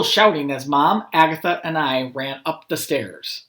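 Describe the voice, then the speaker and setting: A man, a school principal, reading a picture book aloud to children and chatting gently in asides. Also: fairly high pitch, a little slow, hardly any pauses. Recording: roomy echo.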